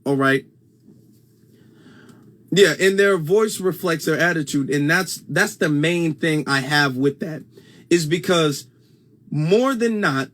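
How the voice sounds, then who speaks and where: High-voiced man hosting a casual livestream. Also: fairly bright tone. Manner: conversational, repeats points, reads viewer comments aloud. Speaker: host.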